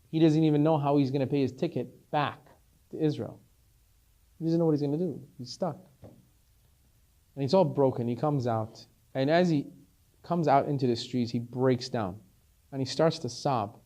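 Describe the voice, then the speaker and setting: A rabbi teaching a class, a man telling a story in an animated way and acting out each character, repeating words as he gets excited. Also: on the high side, moderate pace, long pauses. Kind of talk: storytelling Torah lesson.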